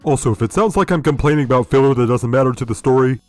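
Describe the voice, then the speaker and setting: A man's voice: medium pitch, very fast, soft background music. A man hosting a critical video review, sardonic and profane. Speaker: video essay host.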